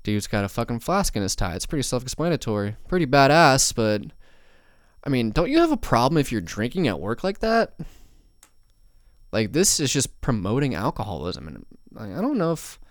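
Young male podcast host, loose and profane, smooth voice, dry close mic. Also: mid-range voice, very animated, normal speed, no room sound. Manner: rambling, profane, many fillers and asides. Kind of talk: casual solo podcast rambling.

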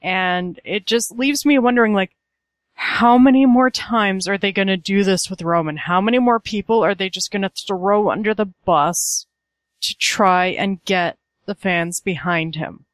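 A woman's voice: mid-range voice, measured pace, no room sound. Wry woman co-host in a dry room. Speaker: podcast co-host. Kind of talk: casual chat.

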